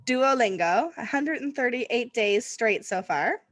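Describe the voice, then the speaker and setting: A woman's voice: on the high side, animated, unhurried, no echo. A woman, hosting a casual interview chat and laughing often. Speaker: podcast host.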